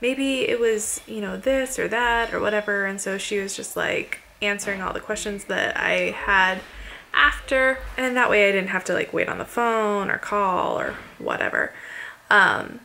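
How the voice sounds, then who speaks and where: A woman vlogger talks casually to the camera, chatty and relieved. Her voice has a creaky, gravelly edge. Faint noise hums behind her. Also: medium pitch, pushed and bright.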